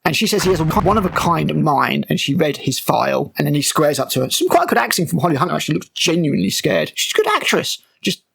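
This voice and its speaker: Gravelly, sarcastic man ranting. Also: on the high side, lively intonation, quick pace, few pauses, fairly bright tone, slight background noise. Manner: sarcastic, exasperated, swears freely. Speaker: show reviewer. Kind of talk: ranting episode recap.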